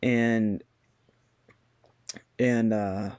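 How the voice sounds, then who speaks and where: A young man talking slowly to his viewers in a halting way, with many fillers and restarts, while trying not to cry. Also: on the low side, flat delivery, darkish tone, clear, resonant tone. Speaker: vlogger. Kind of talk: casual personal talk to camera. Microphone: computer mic on a video call.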